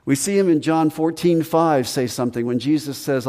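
A man's voice: medium pitch, normal speed, hardly any pauses, darkish tone, long reverb tail. A male pastor preaching a sermon on scripture who sometimes acts out the lines of the people in it with a raised voice.

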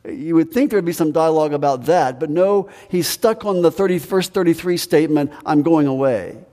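A man preaching a sermon to his congregation in a conversational way, his pitch swinging up and down for emphasis. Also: normal speed, warm tone. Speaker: pastor. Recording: long reverb of a large hall.

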